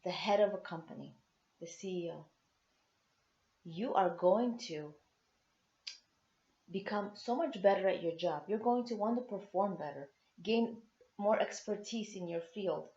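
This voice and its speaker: A woman's voice: mid-range voice, unhurried, pauses often, mellow. A woman speaks earnestly to other women about marriage, stressing points by repeating words. Her voice sits in the middle of the range. The recording is roomy and echoing, with a muffled, lo-fi sound. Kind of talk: motivational talk to women. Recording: echoey, dull lo-fi sound.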